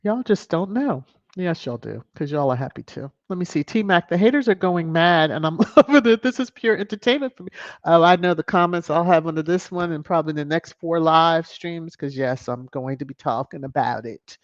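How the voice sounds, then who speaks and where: A live stream host chatting casually and reading out viewer comments, animated and quick to laugh. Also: mid-range voice, no echo. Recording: dull lo-fi dry stream audio.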